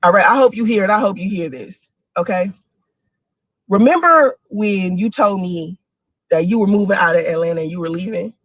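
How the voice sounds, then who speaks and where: A woman in her forties telling personal stories in a casual video, animated and often laughing, with dramatic jumps in pitch. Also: moderate pace, no room sound. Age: 40s. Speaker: single mother telling stories to a friend.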